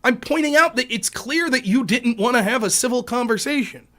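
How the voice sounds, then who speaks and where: A man's voice: very high-pitched, animated, brisk, sharp tone. A man hosting a political live stream, ranting in a profane, combative, sarcastic way. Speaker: livestream political commentator.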